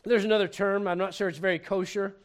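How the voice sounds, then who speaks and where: A male pastor from Puerto Rico preaching a sermon, animated and joking, often restarting sentences and acting out little scenes. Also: high-pitched, fast.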